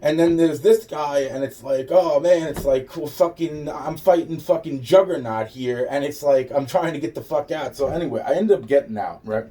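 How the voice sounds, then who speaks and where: A man's voice: on the high side, normal speed, few pauses, dark tone, recorded from a distance, slight background noise. A man telling a rambling, profane personal story with sarcastic asides.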